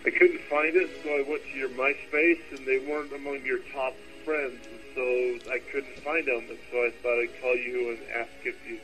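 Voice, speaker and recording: A drunk man rambles through a call-in message, wandering off topic and forgetting what he meant to say. his voice sits at an ordinary male pitch, with faint music underneath. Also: flat delivery, normal speed, few pauses, a bit bright, poor audio. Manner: rambling, loses his train of thought. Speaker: caller leaving a voice message.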